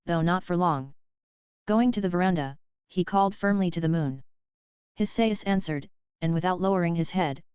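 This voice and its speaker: A woman narrating an audiobook in a measured, even reading. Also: on the low side, smooth, no room sound. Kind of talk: scripted narration.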